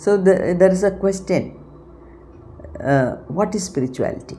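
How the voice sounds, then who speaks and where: Woman, spiritual channel host, low mellow voice, measured and explanatory, frequent pauses. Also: lively intonation, slight background noise. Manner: unhurried, explanatory, pausing often to search for words. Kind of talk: unscripted spiritual talk.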